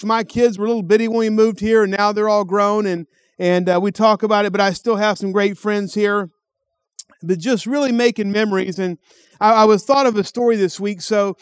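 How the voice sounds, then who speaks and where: A middle-aged pastor from Texas, speaking with a Texan accent, tells a folksy, rambling story during a sermon, often repeating his words. His voice is high-pitched with a clean tone, captured on a dry recording.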